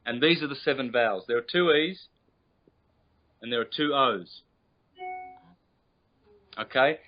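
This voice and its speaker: A man explains things patiently as a guest teacher, stretching out sounds to demonstrate them. His voice sits at a middling pitch. It comes through a dull, lo-fi internet call line. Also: soft background music. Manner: patient and instructive, drawn-out demonstrated vowel sounds. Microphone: video call.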